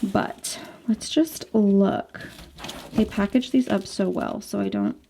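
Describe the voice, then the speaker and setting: A woman's voice: medium pitch, wildly swooping pitch, takes it slowly, gravelly, mellow, slight background noise. A woman in her twenties, a budgeting vlogger, chatting in a bubbly, gushing way while stuffing cash envelopes. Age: 20s.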